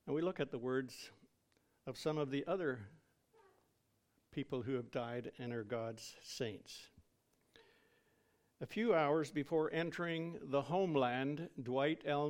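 A man preaching a sermon in a solemn, dramatic way, drawing out words for emphasis. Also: medium pitch.

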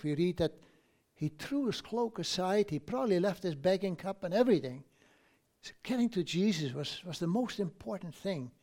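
A man preaching a sermon, retelling a story in an unhurried way, often restarting phrases and adding asides. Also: fairly high pitch, darkish tone.

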